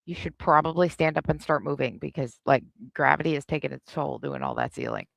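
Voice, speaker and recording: A woman's voice: deep voice, huge pitch swings, fairly quick, creaky, no room sound. A woman hosting a live reaction stream, giving sarcastic, snarky commentary.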